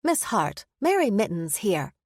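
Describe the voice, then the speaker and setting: A woman voicing an eager, chirpy female news reporter who asks questions brightly. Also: mid-range voice, sing-song, unhurried, no room sound, studio quality.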